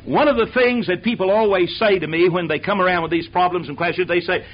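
A man's voice: high voice, fast talker. A man preaching a sermon who calls on the congregation to answer him aloud. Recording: dull lo-fi sermon tape.

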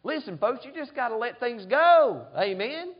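A high-pitched man preaching a sermon as pastor, pressing his points and calling out to the congregation for an amen. The sound is dull and lo-fi, like an older church recording. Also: lively intonation, moderate pace. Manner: preaching, frequent call-and-response "amen?".

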